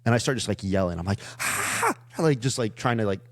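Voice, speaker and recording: A man's voice: on the low side, rapid-fire, dry recording. A young man, a comedian guest, telling a wild story in casual chat, rambling with lots of fillers. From Iowa. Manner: rambling, many "like" fillers, animated retelling.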